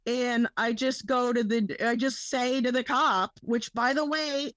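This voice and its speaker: A woman's voice: on the high side, steady tone, measured pace, a bit bright, no echo. A young woman co-hosting a podcast, telling a rambling story full of swearing and quoted dialogue. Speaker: podcast co-host. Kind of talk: casual storytelling.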